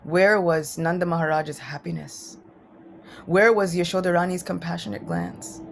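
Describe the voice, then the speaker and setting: A woman's voice: on the low side, normal speed, gravelly, a little hiss or hum. A woman voicing a male royal advisor who tells, humbled and sorrowful, how his eloquence failed him. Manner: earnest, sorrowful storytelling.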